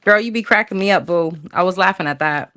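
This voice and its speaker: A woman's voice: on the low side, fast talker, fairly bright tone. A woman casually chatting through a livestream tarot reading, slangy, thinking aloud as she pulls cards. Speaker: tarot reader.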